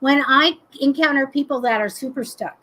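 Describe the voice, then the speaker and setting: A woman hosting a live psychic chat show, telling stories in a chatty, animated way. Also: sits high, normal speed, low-quality recording. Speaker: psychic host. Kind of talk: casual live-stream chat.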